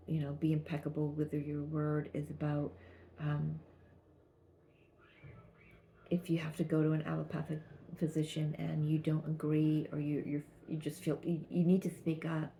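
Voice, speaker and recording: A woman giving a channeled tarot reading, talking gently and haltingly with many restarts. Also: low voice, gravelly, slight background noise. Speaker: tarot reader.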